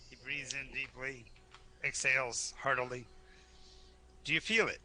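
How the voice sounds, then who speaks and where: Male game master, very bright tone, stammery live storyteller. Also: mid-range voice, fairly even intonation, a little slow, slight background noise. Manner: stammering, repeats words, storytelling. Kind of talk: narrating a live tabletop game.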